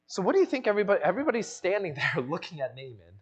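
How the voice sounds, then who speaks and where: Rapid-fire and very animated, a male pastor with a high, slightly rough voice preaches an expository sermon in a church sanctuary. He acts out the voices of the story's figures, and the recording is muffled.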